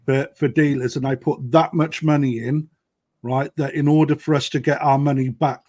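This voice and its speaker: A koi dealer talks bluntly and emphatically on a live-stream chat, tagging his points with "right?" again and again. His voice is medium in pitch with a darkish tone.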